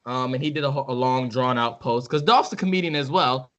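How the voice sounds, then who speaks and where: A man's voice: mid-range voice, a little fast, fairly bright tone. A man hosting a casual wrestling podcast, ranting heatedly with lots of swearing. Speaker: podcast host.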